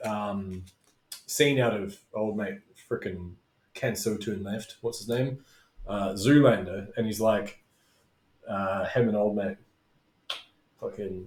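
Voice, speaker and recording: A man's voice: lowish voice, a little mellow. A middle-aged man, teaching as a business coach in a casual, rambling way, with tangents and swearing. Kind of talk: casual talking-head video lesson. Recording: roomy echo.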